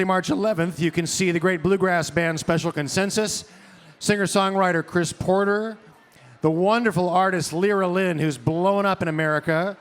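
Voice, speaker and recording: A man's voice: sits high, a bit bright, clear, resonant tone. A man giving enthusiastic, promotional wrap-up announcements on a live concert stage. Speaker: show interviewer.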